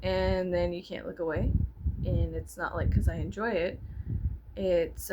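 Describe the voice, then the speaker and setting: A woman's voice: fairly low pitch, fairly even intonation, a little slow. Giggly, sweary woman vlogger in her thirties. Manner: giggly, self-mocking, swears freely, drops into whispers. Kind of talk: casual rambling vlog. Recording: noisy home recording with clicks.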